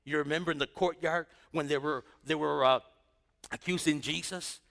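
A man's voice: fairly high pitch, fairly even intonation, moderate pace, gravelly, fairly bright tone. A man preaching a sermon in a conversational style, asking the congregation rhetorical questions. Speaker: pastor.

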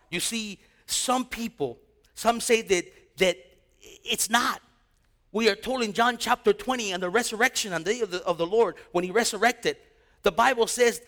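A middle-aged man from East Los Angeles preaching a sermon as pastor, telling his story with animated swings and sudden hushed tones. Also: sits high, normal speed, big-room sound.

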